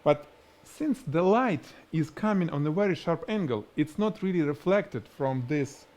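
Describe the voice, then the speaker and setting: A man with a strong Russian accent whose first language is Russian, teaching product photography on a live stream in an animated, demonstrating way. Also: on the high side, a little slow. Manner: animated, explains by demonstrating, laughs at himself. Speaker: photography instructor.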